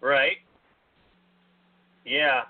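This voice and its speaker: A man's voice: medium pitch, steady tone, very slow, no echo. A man co-hosting a podcast in casual chat, laughing often and restarting his sentences. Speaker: podcast co-host. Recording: tinny phone-like dry sound.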